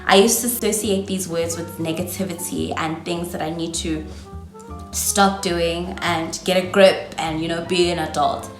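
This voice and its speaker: South African woman in her twenties, lower voice. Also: fairly even intonation, moderate pace, roomy sound, soft background music. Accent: South African English. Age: 20s. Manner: chatty, encouraging, calls viewers darling. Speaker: vlogger. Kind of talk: casual advice talk to camera.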